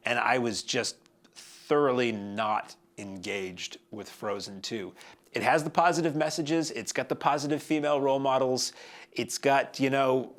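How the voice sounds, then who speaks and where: A man in his forties hosts a movie review show, chatting casually and wandering off on tangents. He tosses in dry, wry asides as he goes. His voice sits at an ordinary middle pitch. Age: 40s. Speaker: film review show host.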